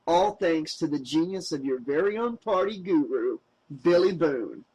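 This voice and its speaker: A man's voice: fairly high pitch, lively intonation, measured pace, darkish tone, husky, low-quality recording. A man voicing a smug teenage boy who brags and teases. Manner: teasing, boastful. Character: cocky teen boy, smug party guy. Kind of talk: audiobook character voice.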